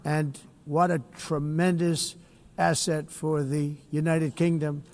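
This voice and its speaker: Guy at a podium in a big hall, blunt boastful speech, repeats himself, kinda higher voice. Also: flat delivery, slow, a little mellow. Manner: boastful, blunt, repetitive, rambling asides. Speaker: head of state giving a speech. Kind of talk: formal speech to an assembly, ad-libbed asides. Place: large assembly hall.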